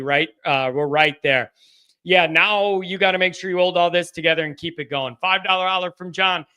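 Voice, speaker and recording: A man hosting a live call-in fan show, talking in a subdued, halting way with frequent restarts as he reads out donations. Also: a little high, sharp tone, clean tone. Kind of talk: casual live-stream chat, reading donations.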